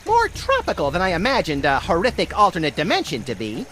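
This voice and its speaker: A woman's voice: lowish voice, huge pitch swings, fast talker, fairly bright tone, slight background noise. A woman voicing a manic, gleefully violent little rabbit-like sidekick in a video game, wisecracking hyperactively.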